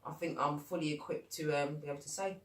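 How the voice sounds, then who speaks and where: A woman's voice: sits low, steady tone, fast, distant mic. A young woman hosting a casual podcast chat. She is blunt and swears freely. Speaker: podcast host. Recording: echoey room, voice from off the mic.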